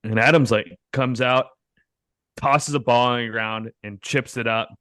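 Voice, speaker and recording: A man's voice: medium pitch, steady tone, measured pace, a bit bright, no room sound. A man co-hosting a podcast, telling a story in casual chat with lots of swearing and laughter. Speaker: podcast co-host.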